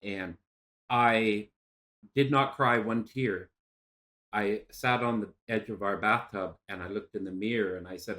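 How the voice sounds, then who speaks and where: A man in his sixties, a podcast guest telling an emotional personal story in a soft, halting way with pauses and restarts. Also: on the low side. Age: 60s.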